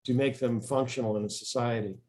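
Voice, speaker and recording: A man's voice: mid-range voice, fairly even intonation, a little fast, a little mellow. A man, an author being interviewed, talking casually and telling stories with frequent restarts and fillers. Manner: rambling storyteller, frequent restarts.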